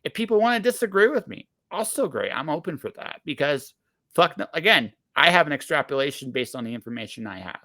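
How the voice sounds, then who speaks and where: A man's voice: a little high, big pitch swings, fast, bright, forceful tone. A man in his forties in casual podcast conversation, blunt and emphatic, swearing freely and often cutting himself off mid-sentence. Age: 40s.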